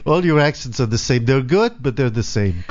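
A man's voice: mid-range voice, expressive, moderate pace, darkish tone, no room sound, lo-fi sound. A man hosting a morning talk radio show, talking casually with many fillers. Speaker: radio host.

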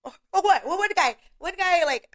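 A woman's voice: very high-pitched, expressive, moderate pace, a bit bright. A young woman hosting a casual show, talking bluntly with lots of swearing and frequent laughs. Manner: blunt, profane, laughing often. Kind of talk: casual chat.

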